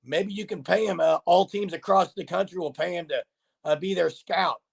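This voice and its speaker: Gravelly, chatty male sports show host. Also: high voice, normal speed. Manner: chatty, jokey, talks straight to viewers. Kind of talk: casual sports talk, reading viewer comments.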